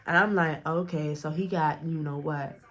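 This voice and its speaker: A woman's voice: deep voice, steady tone, moderate pace, fairly bright tone. A woman vlogger telling a storytime in a blunt, profane way, acting out the dialogue as she goes. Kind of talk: casual storytime narration.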